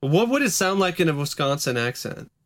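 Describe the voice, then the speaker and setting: A man's voice: fairly high pitch, big pitch swings, fairly quick, fairly bright tone, no echo. Dry-sounding laughing podcast man. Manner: laughs easily, mock-outraged, swears. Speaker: podcast co-host. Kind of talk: casual comedic podcast chat.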